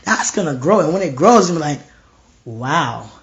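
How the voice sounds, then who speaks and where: A slightly hoarse young man with a fairly high-pitched voice preaches informally from his home. He speaks with intense, repetitive fervor, sinking to quiet tones when he quotes his own thoughts or God. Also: sing-song, unhurried, muffled recording. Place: home room.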